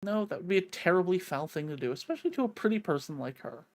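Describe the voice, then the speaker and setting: A woman reading a visual novel aloud, an expressive reader who breaks off to swear and joke, on a close mic. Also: on the low side, fast. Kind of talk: reading a game's narration aloud with live reactions.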